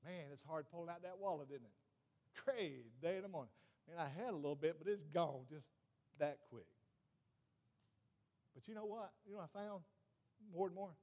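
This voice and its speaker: High-voiced man preaching with emphasis. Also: moderate pace, long pauses, warm tone. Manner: emphatic preaching, repeats "watch this", asks the congregation questions. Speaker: pastor. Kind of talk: sermon.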